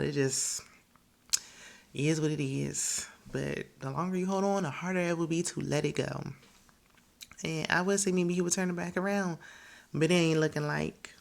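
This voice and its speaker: Low gravelly woman recapping gossip. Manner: gossipy, animated, laughs often, quotes people in voices. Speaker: reality TV recap host. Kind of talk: casual chatty recap.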